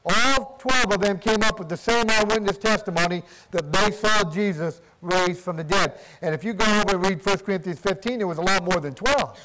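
Male preacher, high-pitched and emphatic, asking and answering questions, congregation noise behind. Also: fairly quick, hardly any pauses, a loud crowd, rough recording. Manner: emphatic, asks and answers his own questions. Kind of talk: sermon.

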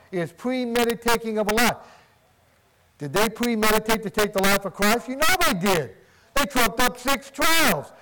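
Male preacher, high-pitched and emphatic, asking and answering questions, congregation noise behind. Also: rough recording. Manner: emphatic, asks and answers his own questions. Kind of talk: sermon.

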